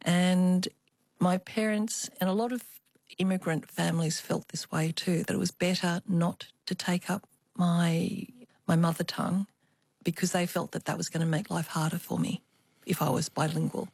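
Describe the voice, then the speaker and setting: A woman's voice: lowish voice, flat delivery, normal speed, creaky, breathy edge, no echo. An older woman from Australia, a guest in an interview, telling family stories in a reflective way with small hesitations. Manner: warm reminiscing with small hesitations. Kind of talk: reflective storytelling.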